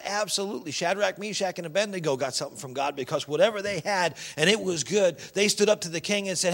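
A man preaching a sermon as pastor, swinging from loud exhortation to quiet earnest asides and acting out objections from the pews. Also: fast talker, hardly any pauses. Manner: acts out congregation objections in a higher voice.

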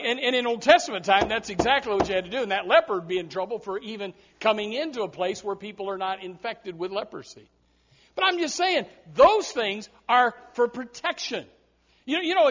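A man preaching with a very high voice, punching his words and circling back with repeated restarts. The recording sounds dull and lo-fi. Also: fairly bright tone. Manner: emphatic, repetitive preaching with frequent restarts. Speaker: pastor. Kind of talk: sermon.

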